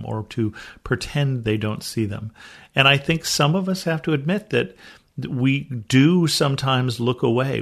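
A man's voice: mid-range voice, gravelly. A man from the United States teaching a Bible study podcast, reading scripture aloud and then explaining it earnestly.

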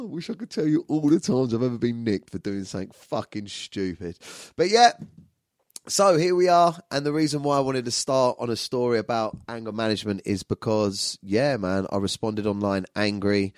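A man telling an animated, profanity-heavy story in slangy everyday speech as a vlogger. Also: on the low side, brisk, dry recording, studio quality. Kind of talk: storytelling monologue.

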